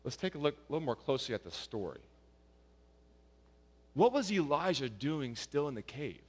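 A man preaches in a hall with a long, trailing reverb. His voice climbs and grows loud on rhetorical questions, then falls soft and low for the quiet passages. Mid-pitched, he shifts pace from quick asides to slow, stressed words. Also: sing-song, breathy edge. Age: young adult or middle-aged, a father of young kids. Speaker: pastor. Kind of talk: sermon.

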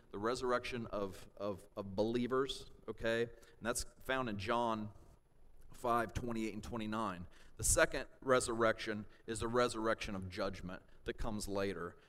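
A man teaching a sermon and reading scripture, pausing to check in with his listeners with "okay?" and "all right?" and rising to loud shouts for emphasis. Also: mid-range voice, steady tone. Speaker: pastor. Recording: long hall reverb.

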